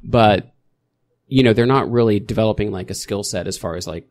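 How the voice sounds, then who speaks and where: A middle-aged man chatting as a podcast guest, rambling and correcting himself as he tells stories with lively energy. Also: fairly low pitch, fairly quick. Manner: rambling, self-correcting, animated storytelling. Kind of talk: casual interview chat.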